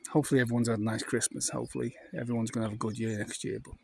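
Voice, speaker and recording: A man's voice: mid-range voice, flat delivery, very fast, creaky, a little mellow, slightly rough. A man in his fifties with a North Welsh accent, telling anecdotes in a chatty, rambling way with plenty of fillers. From North Wales. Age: 50s. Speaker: vlogger. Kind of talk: casual anecdotal monologue.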